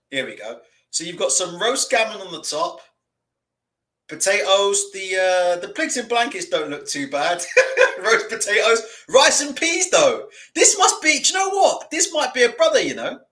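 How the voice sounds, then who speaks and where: Animated, high-voiced man. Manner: animated, swears freely, laughs often. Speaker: live streamer. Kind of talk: live stream commentary.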